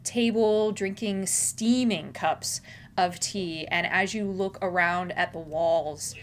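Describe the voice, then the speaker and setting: A woman's voice: fairly low pitch, slow. A woman narrating a tabletop game as game master, describing scenes and laughing often.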